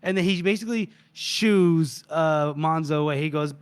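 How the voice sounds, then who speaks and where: A man with a slightly high voice talks through a novel's chapters in loose, rambling chat. He restarts often as he retells the story. The recording is dry and close. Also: moderate pace, smooth, no echo. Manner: rambling, with frequent restarts and quoted lines. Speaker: podcast co-host.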